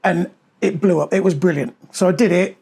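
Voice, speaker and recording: A middle-aged man with a notably high speaking voice, chatting easily in a podcast and spinning long stories full of ums. He talks into a clip-on mic that picks up a little clothing rustle. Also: a little fast, creaky, warm tone, husky. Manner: chatty storyteller, many ums. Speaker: podcast co-host. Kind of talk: casual podcast chat.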